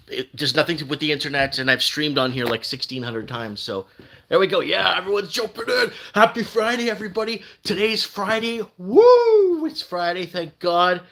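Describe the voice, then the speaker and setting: A man's voice: fairly high pitch, bright, forceful tone. An older man from Canada hosting a casual live stream, rambling and reading out viewer comments. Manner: rambling, reads out viewer comments, restarts often.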